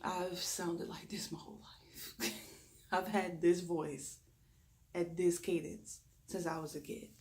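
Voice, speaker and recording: Here a woman who practices reiki gives a spoken reflection. Her voice is deep and raspy, carrying a Southern drawl and a lisp, and she consciously slows down despite a habit of rushing when excited.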